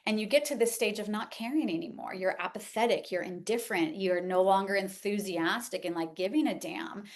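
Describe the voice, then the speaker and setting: A woman's voice: mid-range voice, fairly quick. A middle-aged woman teaching in a conversational lecture, with many fillers and "like". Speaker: homeopathy educator. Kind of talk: informal lecture.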